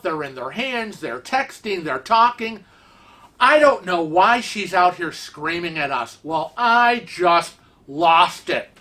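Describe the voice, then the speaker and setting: A bright, crisp voice tells a travel story to the camera in a loose, conversational way. The speaker gets indignant and animated, with restarts and repeated phrases. The pitch sits in a middle range. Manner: seated in a wheelchair while talking. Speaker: vlog host telling a travel story. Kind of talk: casual storytelling vlog.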